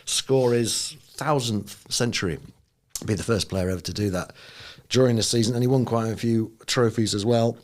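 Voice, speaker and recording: A man hosting a chatty podcast, setting up clips in a relaxed, easygoing way. His voice sits at an ordinary middle pitch for a man. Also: normal speed. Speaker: podcast host. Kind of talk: casual chat.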